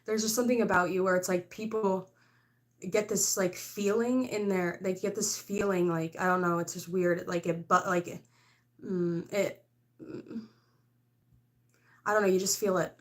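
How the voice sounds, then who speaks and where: A woman's voice: mid-range voice, fairly even intonation, moderate pace. A woman doing a casual tarot reading to camera, rambling and frank, full of "like" and "I don't know", with laughs mixed in. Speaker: tarot reader.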